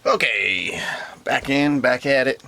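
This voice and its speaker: A man casually commenting on his work while restoring a vintage camper, talking to himself as he goes, at times out of breath. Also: fairly low pitch. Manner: unhurried, talks to himself while working. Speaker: DIY restoration vlogger. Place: inside a hot vintage camper.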